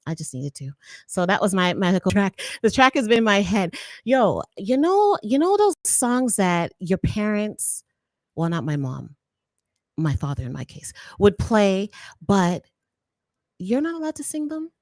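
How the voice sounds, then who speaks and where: A woman hosting a podcast, chatting casually in a playful, excitable way. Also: mid-range voice, unhurried, no room sound. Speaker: podcast host and radio presenter. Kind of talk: casual chat.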